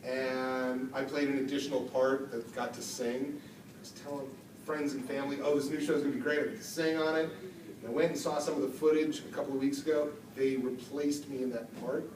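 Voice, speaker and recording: A man, a voice actor, telling lively stories at a convention Q&A and acting out the quotes. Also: on the high side. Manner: animated storyteller, acts out quotes. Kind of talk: storytelling convention panel answer. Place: convention hall from afar. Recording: echoey hall, distant mic, background noise.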